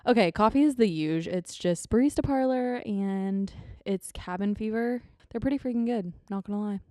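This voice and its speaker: A woman's voice: medium pitch, normal speed, mellow, no echo, clean studio sound. A young woman hosting her own podcast in a bubbly, rambling, easily sidetracked chat. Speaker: podcast host. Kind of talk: casual solo podcast chat.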